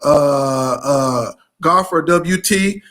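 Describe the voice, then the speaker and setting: A man from Michigan hosting a live education stream, greeting viewers with energetic, repetitive shout-outs. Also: a little high, extremely slow, slight background noise. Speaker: host of live education show.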